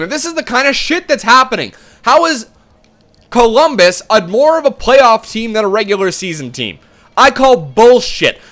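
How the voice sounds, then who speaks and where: A man's voice: extremely high pitch, bright, forceful tone. A young man giving frustrated, swearing commentary while he plays a hockey game. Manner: exasperated, swearing, ranting. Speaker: gaming video host.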